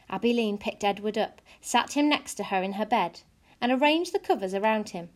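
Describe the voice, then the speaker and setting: A woman narrating a children's audiobook in an expressive, measured storytelling voice. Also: medium pitch.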